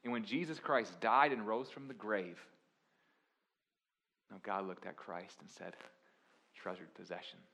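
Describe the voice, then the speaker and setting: A young man preaching a sermon, swinging from quiet confessional lines to loud, emphatic preaching. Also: lowish voice, lively intonation, measured pace, long pauses. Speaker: pastor.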